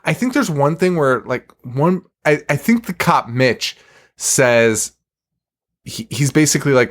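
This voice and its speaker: Male podcast host, casual, profane, laughs a lot, voice sits a bit high. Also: animated, measured pace. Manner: laughs often, profane, wry. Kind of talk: casual chat.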